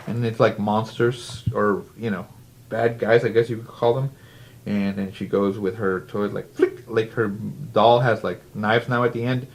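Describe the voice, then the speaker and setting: A man's voice: lowish voice, steady tone, unhurried, creaky. A man who casually reviews a comic book, with plenty of fillers and restarts. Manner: chatty, filler-heavy, restarts.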